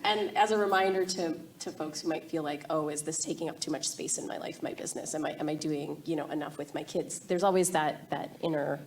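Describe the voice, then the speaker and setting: A young woman with a lowish voice hosts an onstage conversation, encouraging her guest and turning to rally the audience. Faint ambience of the room hangs behind her. Her questions run long and supportive. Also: steady tone, brisk, hardly any pauses, slight background noise. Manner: warm, encouraging, speaks to the audience. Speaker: interviewer, event host. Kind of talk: live onstage interview.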